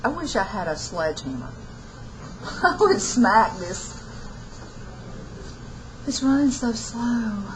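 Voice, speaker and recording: A college literature instructor lectures in a fairly high voice with big pitch swings, taking it slowly and pausing often over a noisy background. She retells an old epic in folksy everyday language, acting out the quotes.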